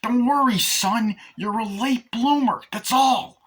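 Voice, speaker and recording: A man voicing a brash male killer doll who blusters loudly. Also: very high voice, slow, slightly rough, voice pushed up, heavily acted. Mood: blustering.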